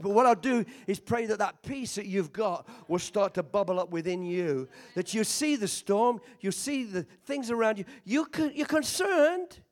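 A man preaching a sermon as a visiting preacher, impassioned, swinging between shouting and quiet storytelling, with joking asides. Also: high-pitched.

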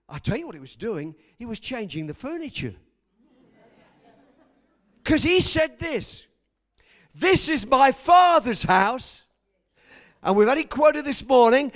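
A man preaching a sermon, dramatic, swinging between shouts and hushed lines and acting out the people he quotes. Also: sits high, big pitch swings, measured pace. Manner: acts out quoted voices.

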